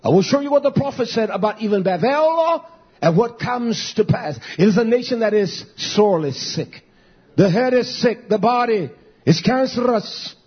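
A man preaching a fiery sermon as pastor, swinging from shouted peaks to low murmured asides, with many "uh" fillers. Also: animated, normal speed, slightly rough, lo-fi sound.

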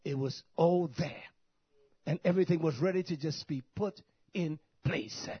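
A man's voice: on the high side, normal speed, breathy edge, dry recording. A man preaching a blunt, scolding sermon, often saying hallelujah and using Hebrew words. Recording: dull, lo-fi dry recording.

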